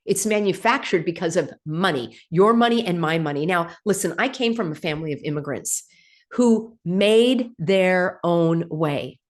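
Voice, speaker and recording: A woman's voice: fairly low pitch, expressive, moderate pace. Emphatic woman ranting. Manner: emphatic, rhetorical questions, sarcastic. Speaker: show host. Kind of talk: direct-to-camera rant.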